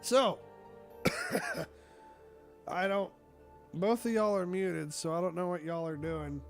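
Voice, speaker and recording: A man's voice: high-pitched, very animated, takes it slowly, creaky, soft background music. A man with a cough, hosting a casual online chat and ranting with lots of swearing and exasperation. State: sick with a cough.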